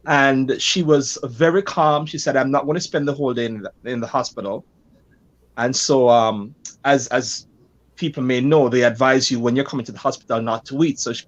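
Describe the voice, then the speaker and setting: A man with a middle-pitched voice tells a story from his own life. He is an animated, self-deprecating storyteller and speaks as a pastor who is a guest in a conversation. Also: muffled recording.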